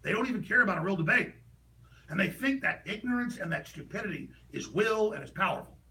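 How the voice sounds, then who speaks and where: A man delivering an impassioned, ranting political monologue as a talk show host, heated and rapid with sudden bursts of shouting. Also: sits high, expressive, vocal fry, distant mic, a little hiss or hum, low-quality recording.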